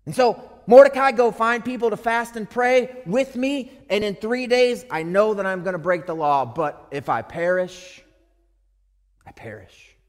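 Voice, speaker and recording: A man preaching a sermon as pastor, earnest, moving between hushed and emphatic speech. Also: extremely high pitch, moderate pace, hardly any pauses. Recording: long hall reverb.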